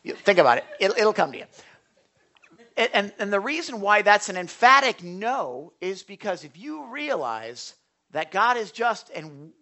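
Guy preaching casual sermon, folksy, asks the crowd if they get it, loud then quiet. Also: sits high. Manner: folksy, checks in with listeners; swings between loud bursts and quiet asides. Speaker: pastor. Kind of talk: conversational sermon.

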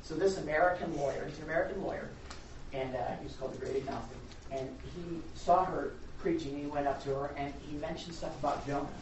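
A woman pastor preaching a sermon in a rambling, chatty way, with sudden loud emphasis. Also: sits low, quick pace, a little hiss or hum. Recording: echoey hall, distant dull mic.

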